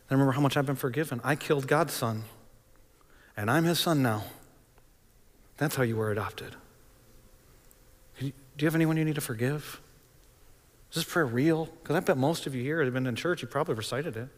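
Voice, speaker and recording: A male preacher tells a story from the pulpit, shifting between loud and hushed delivery. His voice sits in a middle register. Long reverb from a large sanctuary trails each phrase. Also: mid-range voice, fairly quick, long pauses. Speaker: pastor. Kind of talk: sermon storytelling.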